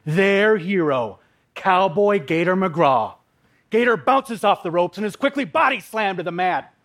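A man with a slightly high voice tells his own story on stage. He paints scenes vividly and leans on dramatic pauses. He comes from the upper Midwest. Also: lively intonation, fairly bright tone. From Minnesota, USA. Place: live talk on a stage.

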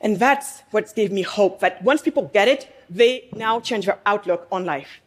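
A woman business owner giving a passionate speech to a live audience in a room. She fires rhetorical questions, prompts listeners to answer, and stresses her points with pauses. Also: medium pitch. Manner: emphatic, with pauses for effect.

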